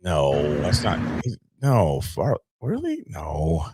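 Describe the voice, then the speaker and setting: Man, very deep voice, animated, rambling live reaction commentary, dry. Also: slow, background noise. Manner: rambling, trails off and restarts. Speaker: live streamer reacting to footage.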